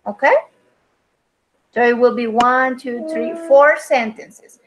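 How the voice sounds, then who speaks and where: Woman English teacher on a video call, higher voice, unhurried, patient explainer. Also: slight background noise, low-quality recording. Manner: patient, explanatory, with frequent fillers. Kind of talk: online grammar lesson.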